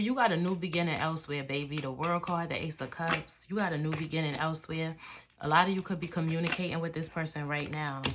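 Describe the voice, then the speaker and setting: Lady doing a casual tarot reading, lowish voice, cusses a lot, calls you baby, hiss and clicks behind. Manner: slangy and profane, calls the listener baby; drawn-out, chanting sign names. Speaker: tarot reader.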